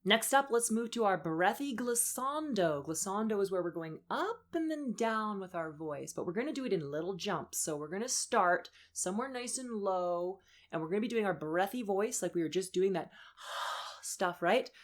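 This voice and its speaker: A woman's voice: medium pitch, animated, normal speed, hardly any pauses. Upbeat woman coaching voice exercises. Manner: upbeat, encouraging, demonstrates breathy vocal exercises. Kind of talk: instructional voice lesson.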